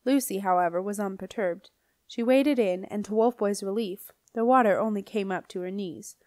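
A woman narrates a children's fantasy audiobook in a steady, clear voice at a middle pitch. The recording is dry and close to the mic. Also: moderate pace, dry recording. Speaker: audiobook reader. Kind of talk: scripted narration.

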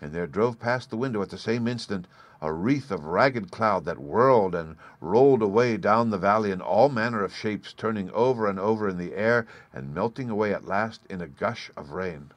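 Low-voiced man reading a fairy tale. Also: normal speed, no room sound. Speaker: audiobook reader. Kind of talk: scripted fairy tale narration.

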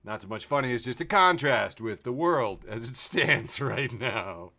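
A man's voice: medium pitch, animated, unhurried, pushed and bright. A man hosting a casual podcast, reading memes aloud with a wry tone and laughing often. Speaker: podcast host.

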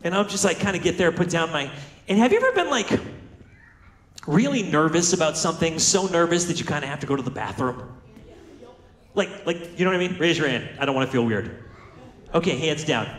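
A man speaking to an audience, telling a self-mocking story and slipping into the voices of the people in it. His voice sits a little high and leaps up and down. The sound rings in a roomy hall. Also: sing-song, a little fast, long pauses, fairly bright tone. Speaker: motivational speaker. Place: large room with audience.

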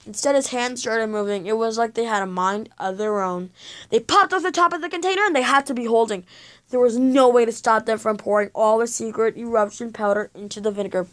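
A woman's voice: fairly high pitch, a little fast. A woman reading a children's chapter book aloud, telling it with drama and sound effects.

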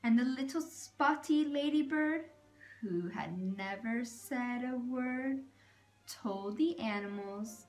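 A woman reading a picture book aloud to children, animated, doing animal noises and pointing out the pictures. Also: a little high, slow, soft background music. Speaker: storyteller.

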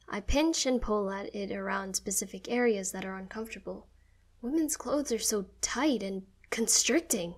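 Woman reading a story out loud, first person, steady and expressive. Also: mid-range voice, normal speed. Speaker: story narrator.

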